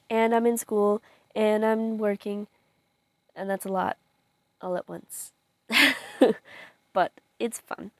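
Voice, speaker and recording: A woman's voice: fairly high pitch, dry recording, studio quality. A young woman chatting casually on her vlog, rambling with fillers and frequent giggles. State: tearful at times. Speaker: vlogger.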